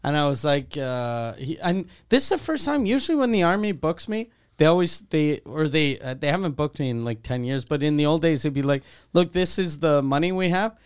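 A comedian with a smooth, slightly high voice chatting on a podcast. He makes dry jokes and tells loose stories about his bookings. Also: lively intonation, fairly quick, hardly any pauses. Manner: dry, joking asides. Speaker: stand-up comedian and podcast co-host. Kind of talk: casual podcast banter.

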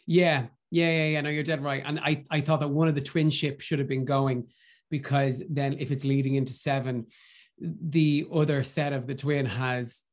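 An Irish man, a podcast guest, chatting in an animated, gushing way and stumbling over his words as he gets excited. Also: medium pitch, normal speed. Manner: gushing and animated, with lots of restarts. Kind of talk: casual film review chat.

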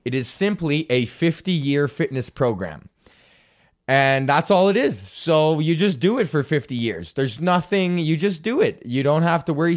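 A rambling, foul-mouthed man hosts his own podcast. His voice sits a little high for a man, and he jokes at his own expense as he rambles on. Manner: profane, rambling, self-mocking. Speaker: podcast host. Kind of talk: casual solo podcast rant.

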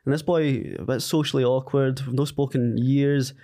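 A man's voice: mid-range voice, normal speed. A man from Scotland with a Scottish accent, a podcast guest telling a story in casual chat and acting out what people said. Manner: animated anecdote teller, quotes others.

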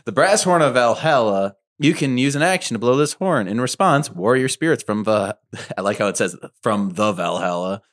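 A man's voice: mid-range voice, moderate pace. A man from the northern US playing a tabletop game, chatting casually and reading item descriptions aloud. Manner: relaxed, reads item text aloud with laughs. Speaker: player.

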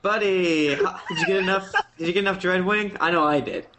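A man at a tabletop game, joking and prodding with questions. His voice sits a little high. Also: fairly quick, background noise. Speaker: player.

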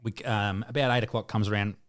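A man's voice: lowish voice, fairly even intonation, fast, no room sound, studio quality. A young Australian man co-hosting a crude, casual podcast, telling a long story with lots of swearing and laughter. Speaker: podcast co-host.

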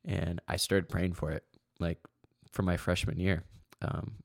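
A young man with a very low, gravelly voice hosts a casual faith conversation. He speaks haltingly, full of "um"s and restarts. The sound is dry and close, with no room echo. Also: steady tone. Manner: halting, many fillers and restarts. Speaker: podcast host.

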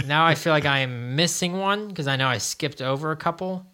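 Guy with a bright tense voice, chatting loose and rambly on a podcast, laughs a lot. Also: a little high, brisk, clear, resonant tone. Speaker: podcast co-host. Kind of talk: casual chat.

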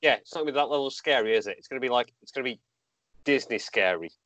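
A man's voice: medium pitch, expressive, very fast, sharp tone, no echo. A man on a podcast, teasing his co-host in a dry, wry way. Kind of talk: casual chat.

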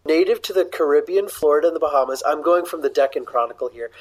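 A man's voice: a little high, husky, poor audio. A man co-hosting a podcast, eagerly reading facts aloud in casual chat. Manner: reads facts aloud eagerly, quick reactions. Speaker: podcast co-host.

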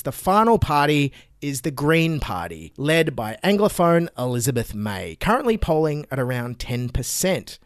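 A man's voice: fairly high pitch, big pitch swings, moderate pace, no echo, clean studio sound. A man hosting a comedy news show, delivering satirical political commentary in a sarcastic, mocking tone.

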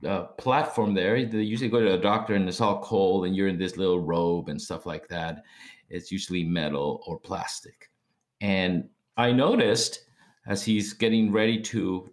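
Middle-aged man guest, lively storyteller, swings up high when quoting others. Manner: animated, acts out quoted speech with big pitch jumps. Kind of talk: testimony storytelling.

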